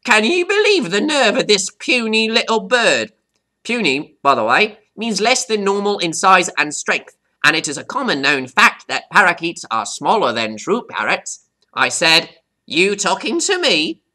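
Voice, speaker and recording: Man playing a cocky pet parrot, male, boastful vocabulary teacher, squawky sudden jumps, bright tone, very lively pitch. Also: unhurried, heavily acted. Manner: boastful, breaks off to define words; squawky high jumps on "right?". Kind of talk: scripted vocabulary lesson.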